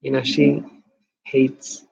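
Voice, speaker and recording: A man drifts through a casual late-night vlog monologue at an unhurried crawl, rambling from one confession to the next. His voice sits at an ordinary pitch. The recording is muffled and lo-fi. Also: completely flat delivery, vocal fry, husky. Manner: rambling and confessional, with hushed asides. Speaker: vlogger.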